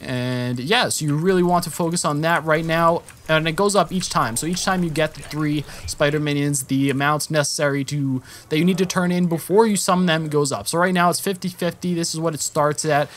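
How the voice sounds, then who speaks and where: This young man's commentary over his gameplay comes a little fast with few pauses, in a voice on the high side. It's loose and rambling, with frequent self-corrections and jumps of excitement when the action heats up.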